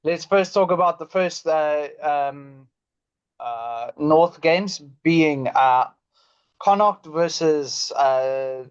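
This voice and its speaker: A man co-hosting a rugby podcast in a casual chat, halting and leaning on fillers. His voice is slightly high for a man. The audio comes through a little muffled. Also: clean tone. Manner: hesitant, many fillers, halting. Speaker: podcast co-host.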